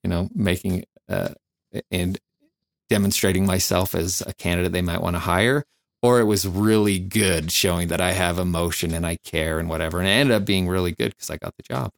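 Male guest, deep voice, dry close sound, reflective storyteller with frequent fillers. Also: steady tone, gravelly, dry recording. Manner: reflective, halting, many fillers. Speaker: firefighter and flight nurse guest. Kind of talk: candid storytelling interview.

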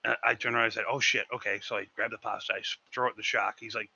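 A man on a podcast telling a story in casual chat, animated and swearing freely. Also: fairly low pitch, very fast, gravelly, few pauses, dry recording, highs cut off. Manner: animated, swearing, acts out shouted quotes. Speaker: podcast co-host.

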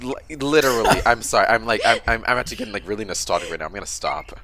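A man's voice: fairly low pitch, rapid-fire, a crowd in the background. A young man co-hosting a casual podcast, telling a rambling, nostalgic story with many restarts. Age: young adult. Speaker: podcast co-host. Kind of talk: casual group chat.

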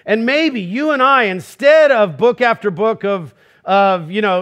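A male pastor with a high-pitched voice delivers a sermon with emphatic, searching rhetorical questions. He acts out the voices he quotes. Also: expressive, unhurried, fairly bright tone.

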